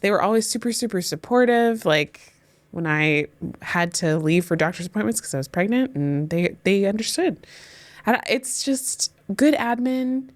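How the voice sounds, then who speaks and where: A woman and former teacher co-hosting a casual podcast, talking in an expressive, ranting way. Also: medium pitch. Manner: expressive, ranting, quick laughs.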